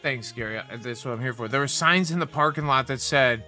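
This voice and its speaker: A man's voice: mid-range voice, a little fast, pushed and bright, faint music behind. A young man hosting a livestream, ranting casually with heavy profanity and a heated, rambling delivery. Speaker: livestream host.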